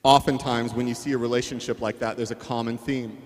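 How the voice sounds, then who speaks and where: Man, wedding sermon, mid pitch, earnest and chatty, long hall reverb. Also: little pitch movement, brisk. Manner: earnest, conversational preaching with playful asides. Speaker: pastor officiating a wedding. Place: wedding venue.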